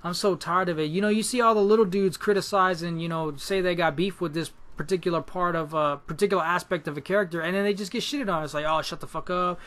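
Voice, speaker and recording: A young man with a fairly high voice rants to his viewers in a loose, profane way. He sounds fed up, stumbles over his words and starts over again and again. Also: fast talker, few pauses, fairly bright tone. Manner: frustrated, profane, repetitive restarts. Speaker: gaming YouTuber. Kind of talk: casual ranting commentary.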